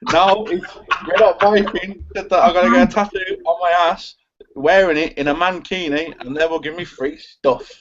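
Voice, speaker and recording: A man's voice: high voice, fairly even intonation, normal speed, noisy background. A man with a West Midlands accent, reading out viewer questions in a casual live chat with a joking, cheeky manner. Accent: West Midlands English. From West Midlands, England. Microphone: video call. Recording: dull lo-fi online call audio.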